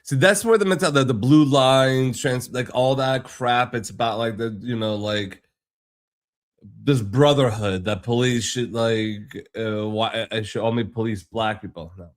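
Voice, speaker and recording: A man talks through a reaction video in a loose, rambling way, stopping and restarting often. His voice sits at an ordinary middle pitch. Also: a little slow. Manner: rambling, full of fillers and restarts. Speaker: commentary host.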